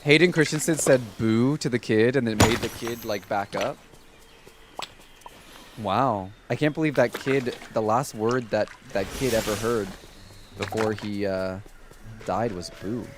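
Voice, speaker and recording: A man in his twenties chatting casually to viewers while streaming a game, telling stories in an animated way with lots of "like" fillers. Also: fairly low pitch, a little slow, long pauses, noisy background. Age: 20s.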